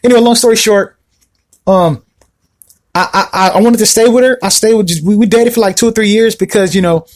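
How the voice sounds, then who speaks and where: A man with a notably high voice hosts a podcast and tells a personal story in a loose, casual way. He stumbles through fillers and restarts and slips into the voices of the people he quotes. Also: brisk. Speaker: podcast host.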